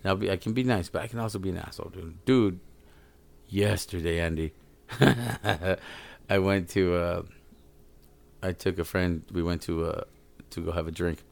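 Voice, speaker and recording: A man's voice: low-pitched, fairly even intonation, normal speed, creaky, long pauses, a little mellow. A man chatting as a podcast guest, rambling and swearing freely as he tells stories, full of fillers. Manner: rambling, profane storytelling with many fillers. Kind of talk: casual podcast chat.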